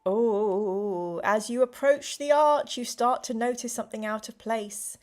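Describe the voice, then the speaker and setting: A woman's voice: a little high, measured pace, a little mellow. A woman hosting a live stream, reading a gamebook aloud to her chat in a playful, exclamatory way.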